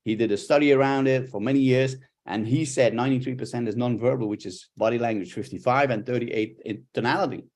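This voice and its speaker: A middle-aged man, a body language coach, giving a live workshop talk with lively, expressive intonation. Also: medium pitch, fast talker, few pauses.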